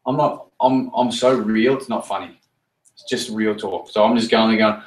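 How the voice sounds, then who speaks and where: A man's voice: lowish voice, normal speed. A man leading a team meeting, talking bluntly and repeating himself, with plenty of swearing. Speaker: team leader running a meeting. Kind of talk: blunt motivational talk. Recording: roomy sound from a distance.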